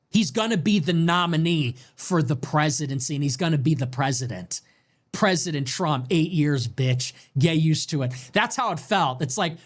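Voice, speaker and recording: Animated, emphatic man. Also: fairly high pitch. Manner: animated, emphatic, swings between excited and somber; frequent "like" fillers and restarts. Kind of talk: casual monologue.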